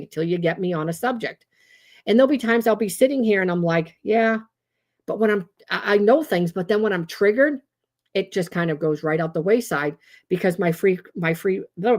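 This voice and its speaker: A woman hosting a casual livestream as a trauma-informed educator, talking in a chatty way with many fillers and often acting out quotes in different voices. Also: fairly low pitch. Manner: animated, acts out quotes in voices.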